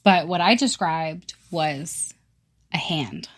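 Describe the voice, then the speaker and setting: A woman's voice: deep voice, slow pace. A woman guest on a podcast, casually telling personal stories, laughing and swearing as she goes. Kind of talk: casual storytelling.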